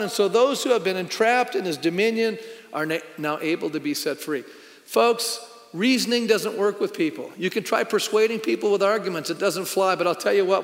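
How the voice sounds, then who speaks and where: A man's voice: high voice, big-room sound. A middle-aged man, a pastor, preaching a sermon in a conversational, storytelling way with emphatic punches.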